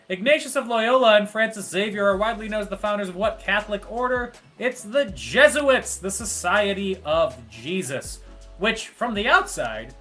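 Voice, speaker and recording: A man's voice: high voice, pushed and bright. A man hosting a live trivia show, reading out the answers with wry jokes and asides. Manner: joking, wry asides between quiz answers. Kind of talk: casual live-stream hosting.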